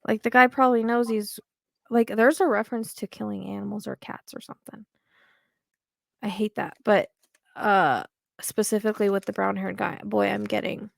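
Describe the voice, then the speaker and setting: Woman, psychic reading, gravelly edge to the voice, dry close sound, hesitant and rambling. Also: medium pitch, fairly even intonation, normal speed, no room sound. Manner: hesitant, rambling with many fillers. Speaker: psychic medium.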